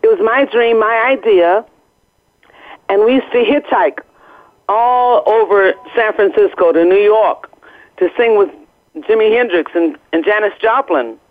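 A woman's voice: medium pitch, a little slow. A woman guest talking casually by phone, chatty and laughing often, from outdoors. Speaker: guest singer. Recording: tinny phone line.

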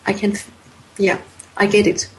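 A woman's voice: mid-range voice, flat delivery, normal speed, a little hiss or hum, low-quality recording. A woman answering interview questions about voice types, hesitant and thoughtful, with many fillers and restarts. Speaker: voice expert guest.

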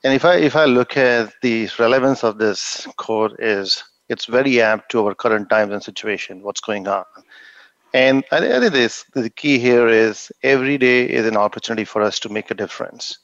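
A man's voice: medium pitch, normal speed, a bit bright. A man answers earnestly as a guest, often repeating words as he gathers his thoughts. His audio is dull and lo-fi. The sound is dry, with no room echo. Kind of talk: conversational answer.

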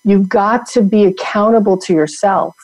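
Motivational podcast guest, woman, emphatic coaching delivery, mellow tone, dead-dry sound. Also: medium pitch, normal speed, no room sound, rough recording. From New York. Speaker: guest, women's network founder.

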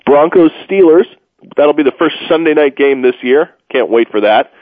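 A man's voice: a little high, lively intonation, moderate pace, no room sound. A man hosting a casual sports talk radio show, rambling and joking with plenty of fillers, tired from moving. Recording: phone-like, dry radio audio.

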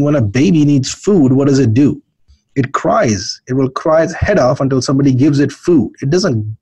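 A man's voice: medium pitch, a little mellow, slightly rough, dry recording. A man giving an explanatory talk, asking rhetorical questions and checking in with his listeners with "okay?".

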